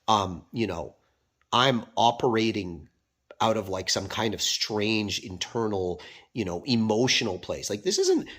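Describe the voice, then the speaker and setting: A man's voice: medium pitch, a bit bright. A man from Canada, a dog trainer, talking casually to camera, with a rambling manner and frequent fillers and restarts.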